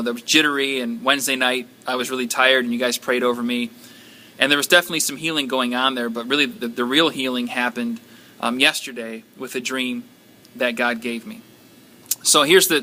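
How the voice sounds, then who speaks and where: Guy telling his prayer group a testimony, really bright tense voice, halting, lots of ums. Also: medium pitch. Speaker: church member sharing a testimony.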